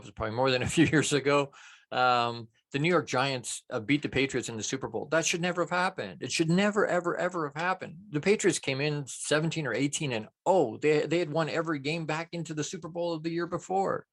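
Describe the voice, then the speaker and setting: A middle-aged man hosting a show, giving a rambling motivational talk full of restarts that grows more animated as he warms up. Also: medium pitch. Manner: rambling, many restarts, rises when excited. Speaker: show host.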